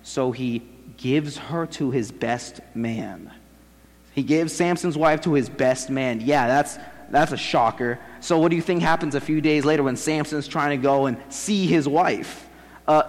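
A man's voice: on the high side, a little slow. A young man giving a casual, slangy sermon and acting out the quoted voices as he retells a story. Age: young adult. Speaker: seminary student preaching. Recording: long hall reverb.

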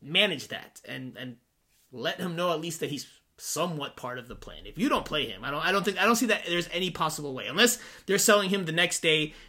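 A man co-hosting a sports podcast in casual chat, animated and sarcastic with sudden rises in his voice. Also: fairly high pitch, fairly quick. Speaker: podcast co-host.

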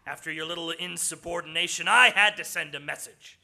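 A man's voice: on the high side, fairly quick, vocal fry, bright, forceful tone, exaggerated voice. A man playing a gluttonous villain overlord in live improv comedy, trying hard to sound sinister. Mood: menacing.

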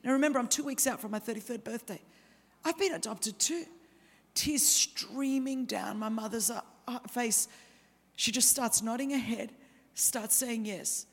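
An Australian woman in her fifties preaching a sermon, telling her own story with lively humorous asides. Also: on the high side, moderate pace, gravelly, slightly rough. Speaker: guest preacher. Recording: reverberant hall.

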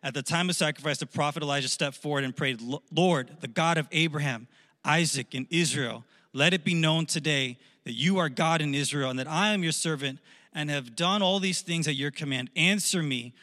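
A man preaching a sermon, telling a story with jokes and animated asides. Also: fairly high pitch, brisk, in a large hall. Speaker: pastor.

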